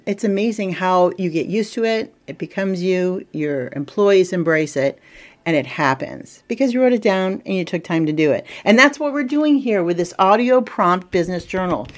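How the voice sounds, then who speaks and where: A middle-aged woman talks through a casual business lesson, chatty and lively. Her voice sits a little low for a woman, and she slips in playful asides as she coaches. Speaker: marketing coach and podcast host.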